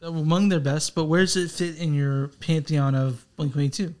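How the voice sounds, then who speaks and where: Brief: young male co-host, a little high-voiced, rambles and curses in loose music chat. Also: level tone, a little fast, a little mellow. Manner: rambling, swearing, self-deprecating. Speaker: podcast co-host. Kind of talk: casual chat.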